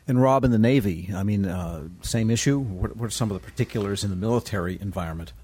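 A man's voice: lowish voice, fast talker, darkish tone, breathy edge. A man moderating a panel, guiding the discussion with questions to each guest.

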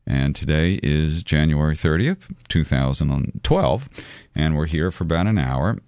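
A man's voice: extremely low pitch, expressive, measured pace, a little mellow, no room sound. A man hosting a live call-in radio talk show, joking and rambling with many fillers. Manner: jokey, rambling, lots of fillers.

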